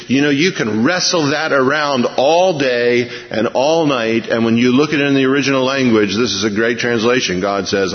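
A man preaching a conversational Bible-teaching sermon, folksy and animated, chuckling as he retells the story. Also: mid-range voice, moderate pace, hardly any pauses. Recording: muffled radio broadcast with long reverb.

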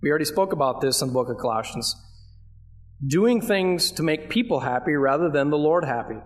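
Casting: man, fairly high voice, pastor delivering a sermon, chatty and emphatic. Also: animated, fairly quick. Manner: conversational, asks the congregation questions; emphatic, leans on key phrases.

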